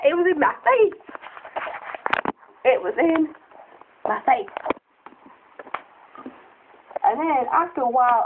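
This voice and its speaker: Giggly high-pitched girl on a tinny phone. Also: background noise. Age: child. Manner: giggly, excitable, lots of squeaky character voices. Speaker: storyteller. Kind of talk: casual storytelling to camera.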